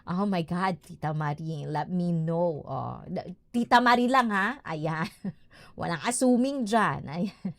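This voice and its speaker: A bubbly woman with a fairly low voice hosts a casual livestream from home. She giggles often and chats warmly with her viewers. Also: expressive, unhurried. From Filipina-Japanese. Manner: bubbly, giggly, mixes in Tagalog and Japanese words. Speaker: livestream host. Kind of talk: casual livestream chat reading the chat.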